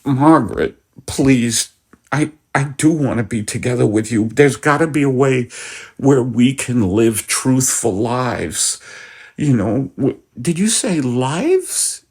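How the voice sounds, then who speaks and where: A man voicing Al, a weary, pedantic husband, in a low, gruff, exasperated voice. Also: expressive, takes it slowly, exaggerated voice.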